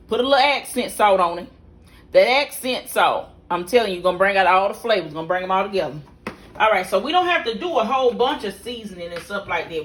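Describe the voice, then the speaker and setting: In her kitchen, a middle-aged woman walks viewers through a home cooking recipe in a mid-range, fairly bright voice. She's a vlog host with a chatty, folksy style, talking right to her audience as she explains each step.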